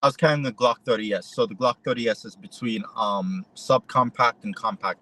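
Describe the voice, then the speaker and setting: A man talks through a story for an interviewer, in a casual conversational way. He retells the back-and-forth with lively emphasis, switching into the other side's words as he goes. His voice sits at a middling pitch. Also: a little fast, low-quality recording. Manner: animated retelling, voices quoted exchanges. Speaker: interview guest; photojournalist.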